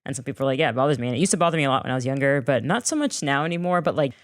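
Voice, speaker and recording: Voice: mid-range voice, lively intonation, racing, no echo, clean studio sound. A podcast host chatting casually and agreeably with a guest, relating to what the guest says. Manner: relatable, agreeable listener who laughs along. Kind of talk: casual interview chat.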